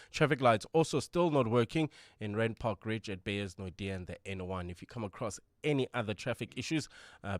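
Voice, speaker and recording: A man with a South African accent whose first language is Sepedi, giving a brisk radio traffic report. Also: mid-range voice, no room sound, studio quality. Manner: brisk, matter-of-fact reading.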